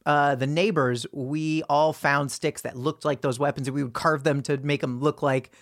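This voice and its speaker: A podcast co-host telling nostalgic childhood stories in a relaxed, casual way. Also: mid-range voice, normal speed. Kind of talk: casual storytelling chat.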